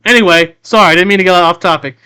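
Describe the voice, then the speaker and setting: A man's voice: sits high, fast talker, sharp tone, clear, resonant tone. A man running a tabletop pirate game as game master, talking casually in a rambling way, full of restarts and asides.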